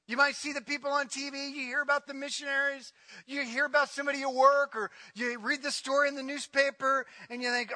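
Man, preacher, dramatic sermon, emphatic repetition, bright forceful tone. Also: flat delivery, brisk, dry recording. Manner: dramatic, swings from loud emphatic repetition to low murmurs; acts out quoted voices and paraphrases scripture.

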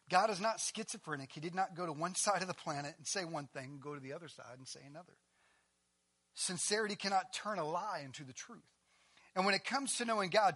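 A man preaching with a high, bright voice. He builds his points with rhetorical questions and then falls to a near hush, sometimes stumbling over repeated words as he drives on. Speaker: pastor. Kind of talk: sermon.

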